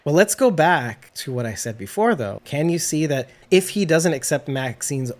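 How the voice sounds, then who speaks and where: A woman's voice: low-pitched, lively intonation, normal speed, a little mellow. A woman co-hosting a casual podcast, recapping a TV episode with jokey asides and frequent laughs. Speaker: podcast co-host.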